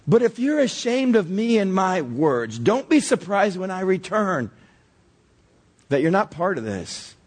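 Pastor, man in his forties, a bit hoarse and husky, lively animated delivery. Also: high-pitched, measured pace. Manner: storytelling with lively acted-out quotes. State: slightly hoarse. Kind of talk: sermon.

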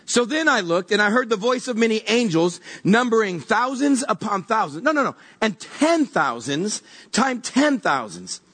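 A pastor giving a conversational sermon, animated and stumbling over repeated words as he reaches for images. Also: high-pitched, normal speed, husky.

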